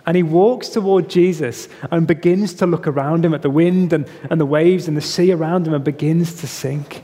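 A man preaching a sermon, telling the story in an animated way and acting out the voices in it. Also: on the high side, moderate pace, few pauses. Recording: long reverb of a hall.

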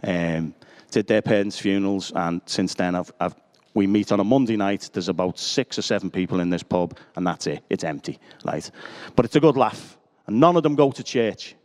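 A man's voice: low-pitched, moderate pace, few pauses, a little mellow. A middle-aged man, preaching a sermon full of personal stories and self-deprecating jokes. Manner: chatty, self-deprecating, joking asides.

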